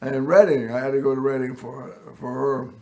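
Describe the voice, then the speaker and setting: A man hosting a local TV show, telling a personal story in a rambling way and often clearing his throat. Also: mid-range voice, flat delivery, fairly quick, dark tone. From Northern California. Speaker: host.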